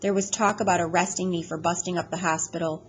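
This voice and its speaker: A woman reading a first-person audiobook chapter aloud in a plain, steady storytelling manner. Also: on the low side, fast talker, slight background noise, rough recording. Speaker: audiobook reader.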